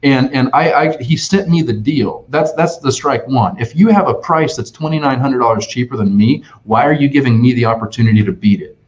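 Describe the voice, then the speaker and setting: A man talking as a sales expert on a webinar, energetic and full of restarts and "right?" tags. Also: medium pitch, fairly quick, hardly any pauses. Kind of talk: conversational webinar talk. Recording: dull lo-fi online webinar audio.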